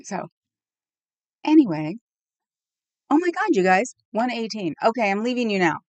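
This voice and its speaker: A woman's voice: fairly high pitch, very animated, normal speed, darkish tone, dry recording. A woman live streamer chatting casually with her viewers in a rambling way, laughing often and reacting to the chat.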